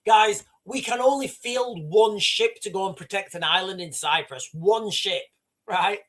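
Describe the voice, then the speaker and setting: A man's voice: high-pitched, expressive, normal speed, fairly bright tone. A British man hosting a casual livestream, talking emphatically and repetitively while addressing his viewers directly. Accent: British English. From Britain. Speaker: livestream host.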